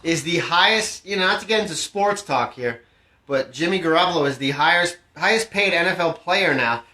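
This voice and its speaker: A man's voice: a little high, expressive, moderate pace, sharp tone. A man co-hosting a podcast at home, chatting casually with laid-back, laughing banter. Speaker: podcast co-host. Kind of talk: casual chat. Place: room at home. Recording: roomy echo.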